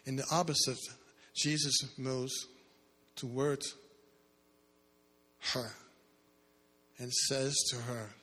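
A man's voice: mid-range voice, fairly even intonation, slow, long pauses, pushed and bright. A male preacher giving a sermon, asking the congregation questions and building in bursts, heard in a church hall. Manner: asks the crowd "how many" questions, builds in bursts. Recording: echoey hall.

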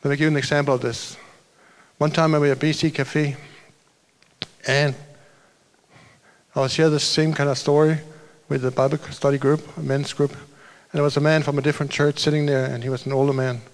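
A man's voice: on the high side, little pitch movement, fairly quick. A man preaching a sermon as a pastor, telling a story in a loose, conversational way with restarts and asides.

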